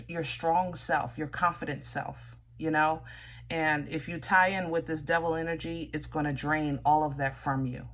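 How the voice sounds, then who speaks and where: Low-voiced chatty woman reading tarot. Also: slight background noise. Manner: chatty, talks straight to viewers, stops and restarts. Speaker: tarot reader.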